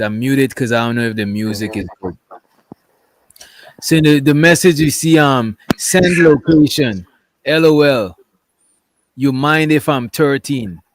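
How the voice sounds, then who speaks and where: A man's voice: medium pitch, no room sound. A man doing casual livestream commentary, reading text messages aloud in a rambling way and often checking in with "right?". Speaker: commentary streamer.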